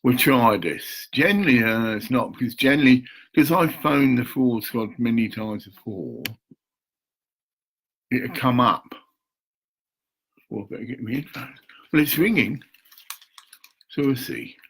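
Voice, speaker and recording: A man's voice: mid-range voice, lively intonation, unhurried, pauses often, slightly rough, poor audio. An older man, rambling and muttering to himself at home while talking to camera, swearing now and then. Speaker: vlogger.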